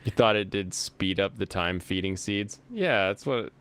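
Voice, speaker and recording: A man's voice: deep voice, unhurried, fairly bright tone. A man hosting a casual chat while playing a video game, rambling and easily amused, thinking aloud as he plays. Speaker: host.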